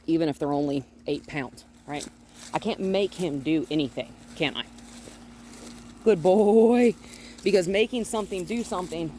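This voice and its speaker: A woman working as a dog trainer, calmly explaining her methods during a hands-on outdoor session and often breaking off to praise the dog. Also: low voice, a little hiss or hum. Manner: calm and explanatory, with frequent cheerful praise for the dog. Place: outdoors near a gate with a noisy HVAC unit.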